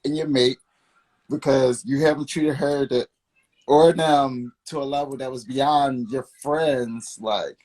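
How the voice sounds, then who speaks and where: A man's voice: medium pitch, steady tone, slow, a little mellow. A man in a candid talk-show chat who speaks reflectively, laughs often and strings thoughts together with "like".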